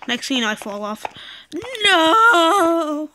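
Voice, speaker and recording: A woman giving casual, excitable commentary while playing a game, with dramatic outbursts and mock sulking. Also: high-pitched, normal speed, slight background noise. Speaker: gameplay commentator.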